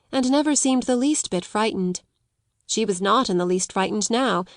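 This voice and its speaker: A woman narrates a classic novel in a measured audiobook style. Her voice sits at a middle pitch. The recording is dry, with no room echo. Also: a little mellow. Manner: measured storytelling. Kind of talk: scripted narration.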